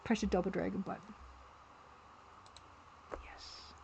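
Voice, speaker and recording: A woman's voice: medium pitch, steady tone, takes it slowly, gravelly, mellow, highs cut off, a little hiss or hum. A woman livestreaming as an artist, chatting casually and playfully, with easy laughter. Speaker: livestreaming artist and game developer.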